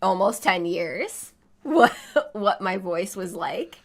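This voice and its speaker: A woman's voice: medium pitch, lively intonation, slow pace. A woman co-hosting a casual podcast about art, speaking in a reflective, earnest way. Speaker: podcast co-host, artist.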